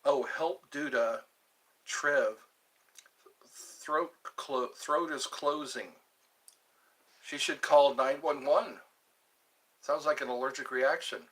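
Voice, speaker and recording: A man's voice: on the high side, slow, pauses often, fairly bright tone, poor audio. A man from Georgia hosting his own live stream, chatting in a rambling way, jumping between topics and trying out foreign phrases. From Georgia, USA. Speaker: livestream host.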